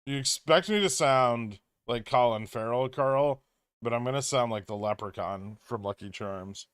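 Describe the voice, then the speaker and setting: A man's voice: medium pitch, moderate pace, a bit bright, smooth, no echo, clean studio sound. A man hosting a trading livestream, reading viewer questions and answering them in an offhand, wry way, thinking aloud. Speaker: stock trading livestream host.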